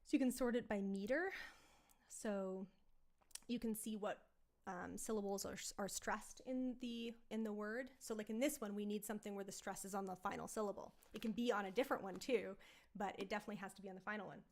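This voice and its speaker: A woman's voice: mid-range voice, steady tone, brisk. A woman chatting casually as she works out a song, thinking aloud and singing melody bits with scat syllables. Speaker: songwriter streamer. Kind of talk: casual songwriting livestream chat.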